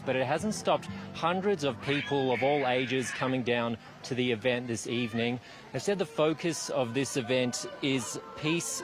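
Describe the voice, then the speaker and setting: Australian male reporter live outdoors. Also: mid-range voice. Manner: conversational, some "uh" fillers. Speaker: field reporter. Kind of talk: live cross from location. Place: outdoor park event.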